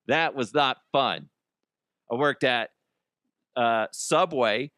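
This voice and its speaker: Male podcast host, casual storyteller, lively swooping pitch, bright forward tone, dry close sound. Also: dry recording. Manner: animated, profane, laughs at own stories.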